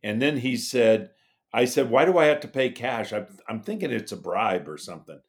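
A man's voice: medium pitch, lively intonation, normal speed. A middle-aged man guesting on a podcast, telling a story casually and acting out other people's lines.

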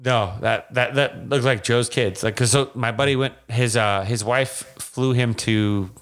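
A man's voice: medium pitch, measured pace, fairly bright tone. A man from Las Vegas, co-hosting a podcast, telling rambling stories in casual chat with many restarts. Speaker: podcast co-host.

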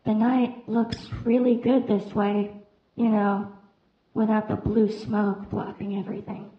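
A young woman playing a grieving young woman who speaks softly through tears in a halting way. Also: medium pitch, flat delivery, lightly acted. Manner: soft, halting, slow. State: tearful. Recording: echoey room, slightly muffled.

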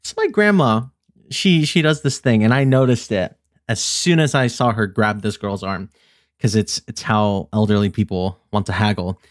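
A man's voice: lowish voice, normal speed, no room sound, studio quality. A young man, a podcast host, telling a family story in casual chat and acting out the people in it. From Filipino family. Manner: animated storyteller who acts out the people in his story.

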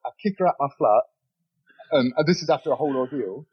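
Husky podcast guest, lively delivery, dull lo-fi recording. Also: male voice, medium pitch, fast talker. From Nottingham, England. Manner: animated, swears freely, laughs mid-story. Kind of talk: casual storytelling. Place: bedroom.

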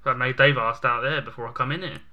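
A man's voice: mid-range voice, fairly even intonation, fast, no room sound, lo-fi sound. A young man telling jokey stories in laid-back casual chat. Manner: laid-back, joking storytelling.

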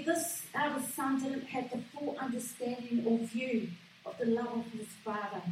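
A woman's voice: on the high side, distant mic, slight background noise. Woman preaching in an echoey hall. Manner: earnest, many fillers and restarts. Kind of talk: sermon.

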